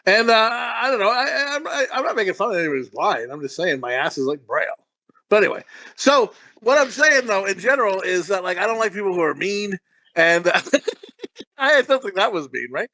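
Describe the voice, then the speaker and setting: A man with a high, lively voice rambles through crude jokes on a comedy podcast. His talk is vulgar and self-amused, heard close and dry with no room sound. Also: fairly quick, dry recording. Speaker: podcast co-host. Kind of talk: crude comedic movie review chat.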